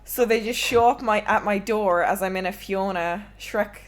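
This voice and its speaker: A woman's voice: mid-range voice, moderate pace. Candid young woman telling stories. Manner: candid, swearing, storytelling with laughs. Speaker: streamer, podcast host. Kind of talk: casual podcast chat.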